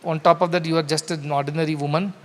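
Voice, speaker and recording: A man's voice: a little high, flat delivery, fast talker, close to an everyday voice. A man with an Indian English accent speaks as a proud, irritated Sanskrit scholar in a story, indignant and scornful, in a reverberant hall.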